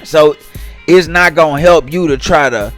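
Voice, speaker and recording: A man's voice: a little high, moderate pace, fairly bright tone. Man ranting over faint music. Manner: talks straight to viewers, reads tweets aloud and mocks them. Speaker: commentary channel host. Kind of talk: casual commentary vlog.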